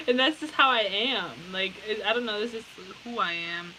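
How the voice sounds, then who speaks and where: A woman's voice: mid-range voice, moderate pace, rough recording. A woman giving a casual pick-a-card tarot reading. She talks bluntly, swears freely and often breaks into laughter. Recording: steady background hiss.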